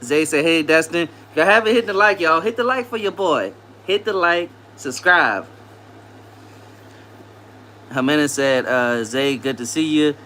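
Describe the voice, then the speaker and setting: Speaking at an unhurried pace, this man has a fairly high pitch, lively intonation, and a bright, forceful tone. A Louisiana native with a Southern accent, he runs a casual livestream where he reads comments aloud and greets viewers in a relaxed, upbeat way, with slight background noise present.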